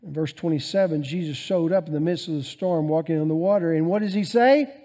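Preaching a sermon fairly quickly in a slightly high voice, a male pastor alternates between loud, emphatic moments and quieter asides.

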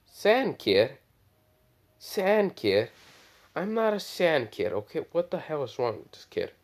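A man doing an indignant high teen boy. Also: very animated, takes it slowly, heavily acted. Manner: whiny, raised pitch.

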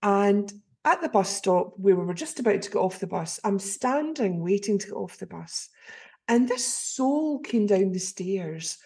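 Scottish woman host, 50s, husky, animated chat storytelling. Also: medium pitch, measured pace. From Scotland. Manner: animated, acts out quoted voices. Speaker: podcast host.

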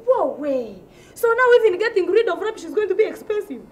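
High-voiced ranting Ugandan woman. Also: sing-song, fairly quick, slight background noise. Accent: Ugandan English. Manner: indignant, ranting, repeats herself for effect. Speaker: comedian. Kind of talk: comedy sketch.

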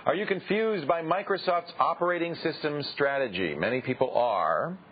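A man co-hosting a tech TV show, explaining things quickly and joking wryly in casual banter. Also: on the high side, animated. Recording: dull old TV broadcast with faint hiss.

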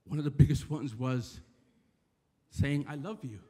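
Husky Bronx man preaching in a hall. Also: mid-range voice, a little slow, mellow. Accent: New York (Bronx). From the Bronx, New York. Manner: conversational, repeats "right?" to the crowd. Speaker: church member giving a talk. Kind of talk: informal sermon. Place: church. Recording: echoey church hall.

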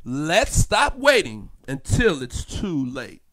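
A man giving a motivational ministry talk in a lively, repetitive preaching manner, laughing often and now and then acting out other voices. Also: fairly high pitch, slow. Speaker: ministry speaker.

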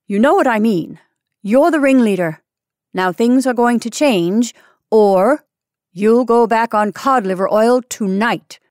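A woman's voice: medium pitch, animated, measured pace, dry recording, studio quality. A woman voicing a stern, commanding older senior nurse.

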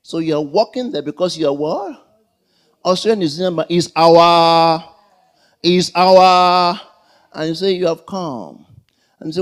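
Male pastor, high voice, unhurried delivery; sermon with call-and-response and acted-out dialogue. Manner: call-and-response questions to the congregation; acts out comic dialogues. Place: church.

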